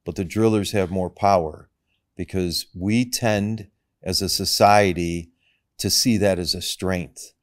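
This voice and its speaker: A man on a podcast as a guest, laying out his ideas in a calm, measured way. His voice sits low. The sound is dry, with no room echo. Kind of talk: conversational interview.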